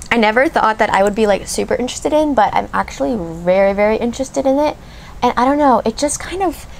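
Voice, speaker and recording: With a mid-range voice and vocal fry, plus slight background noise, a beauty vlogger in her thirties talks casually while doing her makeup. Her get-ready-with-me chat is rambling, gushy and filler-heavy.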